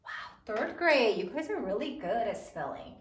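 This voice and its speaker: A woman teacher giving an online spelling lesson to children, talking in an encouraging way. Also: a little high. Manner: slow, encouraging, lively teacher talk. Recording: echoey room, voice a bit far from the mic.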